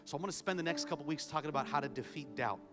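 A man preaching a sermon as pastor, telling a family story with humor and building to loud exhortation. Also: a little high, very fast. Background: music.

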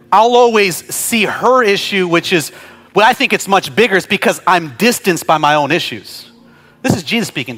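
Male pastor, sermon, high voice, bright tone, chatty asides, shouted prayer, faint background music. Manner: conversational, building to shouted prayer; humorous asides to the congregation.

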